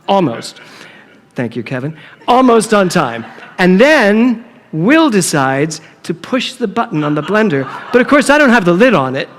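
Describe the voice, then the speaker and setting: Animated male minister in a reverberant hall. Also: sits high, normal speed. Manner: animated, playful, acts out dialogue. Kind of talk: sermon with humorous story. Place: church sanctuary.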